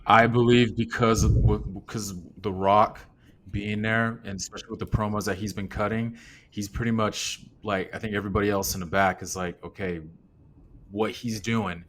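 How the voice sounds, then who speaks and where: Low-voiced man in excited chat. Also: moderate pace, slight background noise. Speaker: podcast co-host. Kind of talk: casual wrestling chat.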